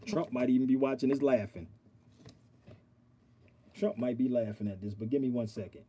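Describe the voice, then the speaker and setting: A man hosting an online livestream, talking straight to his viewers in an animated, preachy way and reading aloud from a law dictionary. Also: mid-range voice, moderate pace, slight background noise. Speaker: online show host. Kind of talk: casual livestream talk.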